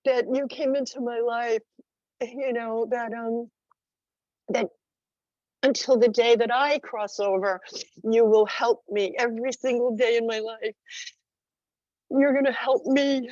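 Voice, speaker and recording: A woman's voice: a little high, a little mellow, dry recording, highs cut off. Tearful woman gushing over a video call. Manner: gushing, rambling with many fillers. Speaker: friend calling in. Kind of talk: emotional heartfelt tribute.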